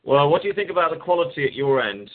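A man's voice: a little high, sing-song, fast talker, a little hiss or hum. A man hosting a casual test call, joking and muttering to himself as he checks settings. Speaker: show host. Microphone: online call over landline. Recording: tinny phone-like line.

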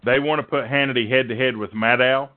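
A man's voice: mid-range voice, fairly even intonation, brisk. A man hosting a call-in show, joking and folksy in casual chat, heard over a tinny phone-line call recording. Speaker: host.

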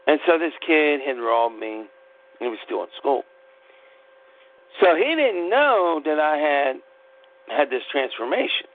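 A man's voice: a little high, unhurried, long pauses. A middle-aged man from Pittsburgh, telling a personal story in a blunt, profane, rambling way. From Pittsburgh, United States. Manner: blunt, profane, animated retelling. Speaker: podcast host. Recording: tinny phone-like line.

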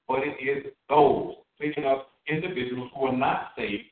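A man's voice: mid-range voice, fairly even intonation, echoey room, distant mic, narrow, tinny audio. A man preaching a sermon, drawing out his key words and asking his listeners questions. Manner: emphatic, drawn-out stresses on key words.

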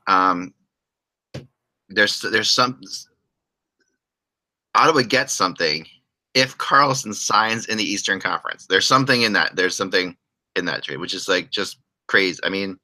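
A man's voice: sits low, pushed and bright, poor audio. A man hosting a casual hockey podcast, rambling and joking with frequent restarts. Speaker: podcast host.

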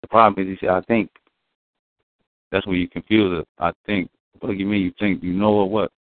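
A man's voice: sits low, level tone, racing. A man talking in a casual podcast discussion, preachy and profane, acting out quotes in between. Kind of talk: casual street-talk discussion. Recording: dry, phone-like band.

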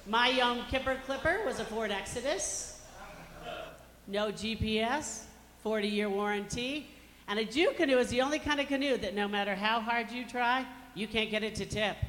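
A brash woman comedian in her fifties from Colorado works through her stand-up set with a bright, forceful voice that sits a little high. She lands each self-mocking punchline hard. Her voice carries a long hall reverb over faint background hiss. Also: normal speed. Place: comedy club stage.

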